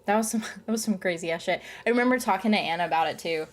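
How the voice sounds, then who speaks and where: A woman's voice: mid-range voice, rapid-fire. A young adult woman chatting casually to camera as a vlogger, rambling with lots of "um" and "like" and retelling things animatedly.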